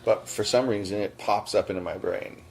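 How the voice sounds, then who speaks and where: A man's voice: on the low side, moderate pace, creaky, a little mellow, a little hiss or hum. A man co-hosting a podcast in casual chat, making wry, joking asides. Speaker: podcast co-host.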